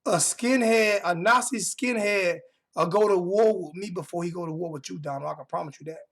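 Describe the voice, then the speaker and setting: Gravelly high-voiced man ranting. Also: brisk, a bit bright. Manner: confrontational, trash-talking chat members; repeats phrases for emphasis. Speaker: livestream host. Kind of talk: heated livestream rant. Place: home.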